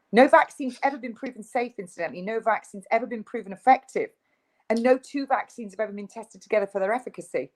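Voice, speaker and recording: A woman's voice: medium pitch, a little mellow, rough recording. A woman, a guest in an interview, speaking in an emphatic, insistent, ranting way. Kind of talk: video interview.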